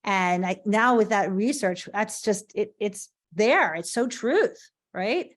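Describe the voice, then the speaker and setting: A woman speaks as a coach and guest on a casual podcast interview. Her voice sits at a middle pitch. She talks in a lively, emphatic way and leans on rhetorical questions. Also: slow pace.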